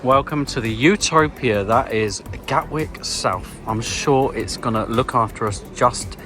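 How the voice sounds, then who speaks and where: A man's voice: medium pitch, unhurried, over music. A man presenting a travel vlog, joking and theatrical as he walks through an airport and into a tiny hotel cabin. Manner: playful, theatrical, self-mocking. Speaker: travel vlogger.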